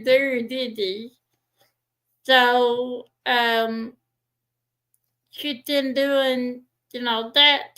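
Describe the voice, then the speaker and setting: A woman's voice: sits high, a bit bright, poor audio. A woman hosting a casual livestream, chatting and greeting viewers by name. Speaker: livestream host.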